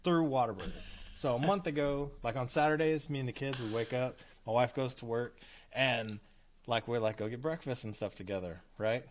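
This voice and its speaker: A man in his thirties co-hosting a podcast, telling an everyday story. He talks in a casual way, swears freely and acts out what people said. His pitch sits in the middle of the range. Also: normal speed. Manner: animated, acts out quotes with cursing. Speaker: podcast co-host.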